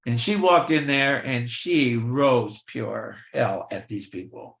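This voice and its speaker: An older man, a guest in an interview, telling lively anecdotes and acting out the voices of the people in them. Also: medium pitch, slow, creaky, echoey room. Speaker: film extra and actor, guest. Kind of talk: storytelling in an interview.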